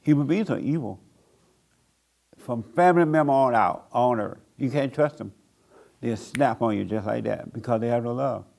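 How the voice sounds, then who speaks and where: An older man preaching a blunt sermon to a small group, mocking people by acting them out in a higher voice. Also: normal speed, vocal fry, darkish tone. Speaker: pastor.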